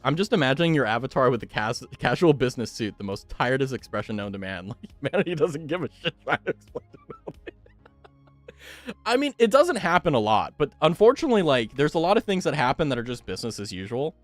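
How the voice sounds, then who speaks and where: A man's voice: mid-range voice, dry recording. A male streamer chatting casually with viewers, swearing freely and laughing often.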